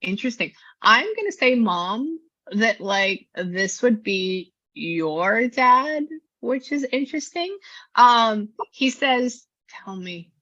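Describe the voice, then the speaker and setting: A woman's voice: on the high side, lively intonation, slow, sharp tone, highs cut off. A woman with a Southern US accent, a psychic medium chatting through a video session in a rambling way, full of filler words. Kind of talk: casual chat on a video session. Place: her new studio. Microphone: video call.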